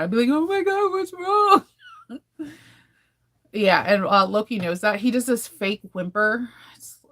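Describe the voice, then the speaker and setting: A woman in her thirties talks straight to her viewers in a relaxed daily vlog. She rambles from one thought to the next and laughs often between sentences. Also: mid-range voice. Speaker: sewing vlogger. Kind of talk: casual daily vlog chat.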